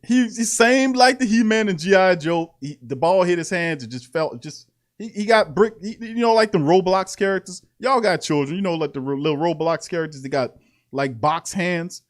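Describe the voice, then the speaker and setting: A man with a fairly high-pitched voice hosts a casual sports talk show. He reads practice reports aloud, then breaks off into animated riffs. He laughs often and repeats his lines for emphasis. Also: moderate pace.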